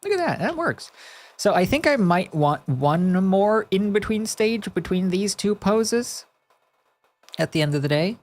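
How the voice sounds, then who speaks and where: Playful woman streaming with lively pitch. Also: measured pace. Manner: playful, makes silly sound-effect noises; thinks aloud while working, half to herself. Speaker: streamer animating digital art. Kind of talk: casual live-stream commentary.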